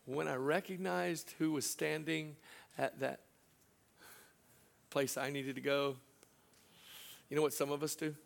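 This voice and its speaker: A middle-aged pastor, his voice on the high side with a steady tone and vocal fry, preaches a sermon centered on a personal story. He alternates between loud, laughing asides and hushed, slow moments.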